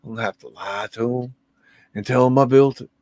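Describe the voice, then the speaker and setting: A man voicing a gruff fellow who grumbles, resigned, that he must lie to his grandkids. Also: mid-range voice, a little fast, a little mellow, no room sound, clean studio sound, close to an everyday voice. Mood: grumbling. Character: gruff man forced to lie about history.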